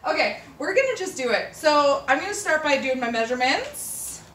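A woman chatting casually to camera as a fashion vlogger, rambling and emotional, with bursts of excitement. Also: high voice, moderate pace, slight background noise. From Canada. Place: apartment room with door open, city sirens outside. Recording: roomy, mic at a distance. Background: faint city ambience.

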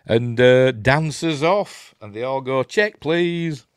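A man's voice: medium pitch, slow, smooth, no room sound, clean studio sound. A man with a Yorkshire accent giving a rambling, chatty running commentary as he watches a film, chuckling at his own asides. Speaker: host of a film watch-along channel.

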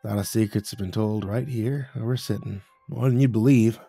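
A man playing a weathered farmer who speaks in a gentle, low, easygoing way. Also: steady tone, normal speed, vocal fry, husky, faint music behind.

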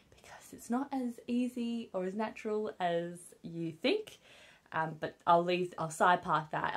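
A young woman with a British accent, chatting candidly to camera as a vlogger, with many fillers like "um" and "obviously". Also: deep voice. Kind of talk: casual chat to camera. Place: at home with her newborn.

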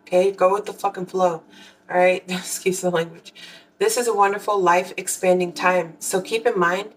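A woman's voice: fairly low pitch, fairly even intonation, moderate pace, distant mic, rough recording. A woman tarot reader telling a personal story to her viewers in a candid, casual way, swearing freely and acting out her own reactions.

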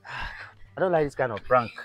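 A man acting a panicked, shouting husband who has lost his car in a comedy skit. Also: medium pitch, expressive, normal speed, muffled recording, lightly acted. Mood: frantic angry. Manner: frantic, shouting, exclamatory.

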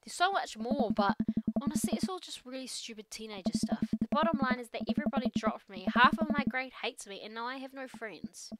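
A woman voicing an upset teenage daughter in a game, venting in a rapid, gossipy way. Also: fairly high pitch, expressive, crowd noise, close to an everyday voice.

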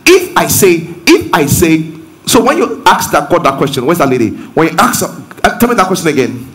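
A male pastor with a Nigerian accent leads a congregation through his sermon. His voice sits a touch high and swoops animatedly. He moves from conversational questions to strong, emphatic preaching. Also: brisk, slight background noise. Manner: lively, rising to emphatic preaching. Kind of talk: interactive sermon.

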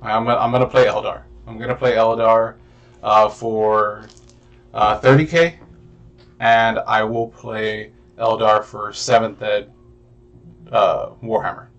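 A young man talks casually on a podcast, his voice gravelly with a fried edge. He rambles, restarts and swears freely, filling gaps with "uh" and "like.". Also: fairly low pitch, fairly even intonation, unhurried, a bit bright, highs cut off. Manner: rambling, profane, lots of fillers. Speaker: podcast co-host. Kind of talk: casual chat.

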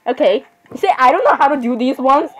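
A woman's voice: sits high, animated, fairly quick, a little hiss or hum, poor audio. A woman giving casual game commentary, rambling, apologizing constantly and giggling at her own asides. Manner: rambling, keeps saying sorry, giggly asides. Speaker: gameplay commentator.

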